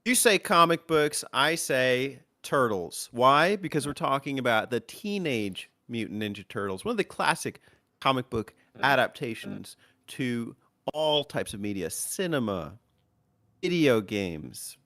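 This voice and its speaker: A man's voice: medium pitch, sing-song, measured pace, bright, forceful tone, no room sound, clean studio sound. A man co-hosting a casual video game podcast, joking and enthusiastic. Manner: jokey, enthusiastic, plays with silly voices. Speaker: podcast co-host.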